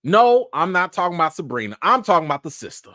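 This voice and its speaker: Animated guy on a livestream, haitian background, pitch jumping all over, dry close mic. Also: fast talker, no echo. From Haitian family. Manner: animated, playful, talks straight to viewers. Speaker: host. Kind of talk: casual livestream review.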